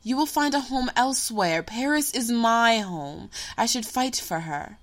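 A woman's voice: fairly high pitch, lively intonation, measured pace, voice pushed up. A woman reading a story, voicing an earnest seventeen-year-old boy who is eager and a little petulant. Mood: sulky. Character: earnest teenage boy, eager, sulky, impatient.

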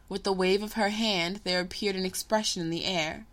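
A woman narrating a story in a measured, unhurried reading voice. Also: mid-range voice, steady tone, a bit bright.

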